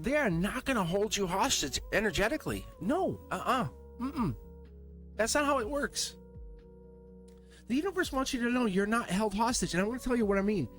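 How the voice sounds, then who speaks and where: A male tarot reader with a fairly high voice that swings all over as he rambles through a casual reading, chatting to his cards and chuckling. Soft music plays faintly behind him. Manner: animated, rambling, talks to the cards and laughs.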